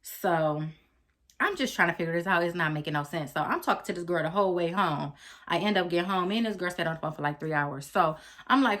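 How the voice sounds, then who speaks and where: A woman vlogger telling a personal story to her viewers in an animated, chatty way, acting out what people said. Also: lowish voice, a little fast. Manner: animated, talks straight to viewers, acts out quotes. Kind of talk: storytime vlog.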